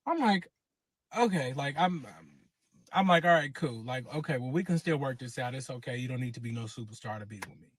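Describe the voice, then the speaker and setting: A man, casually telling a long personal story and acting out every quote with lively cursing. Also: mid-range voice, brisk, slightly rough, dry recording. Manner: animated, acts out quotes with cursing. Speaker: guest telling his story.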